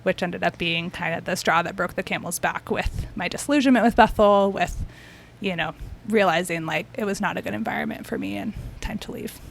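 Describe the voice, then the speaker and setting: Gravelly-voiced woman telling her story. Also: on the low side, brisk, slight background noise. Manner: chatty, many fillers and restarts. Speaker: podcast guest, therapist. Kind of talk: casual conversational storytelling.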